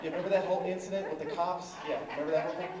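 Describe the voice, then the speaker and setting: A high-pitched man does stand-up comedy on a conference stage. He rambles, fills his lines with fillers and pulls the audience in. The sound is a distant, echoey hall recording with a dull, lo-fi edge. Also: heavy background noise. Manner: rambling, filler-heavy, crowd work.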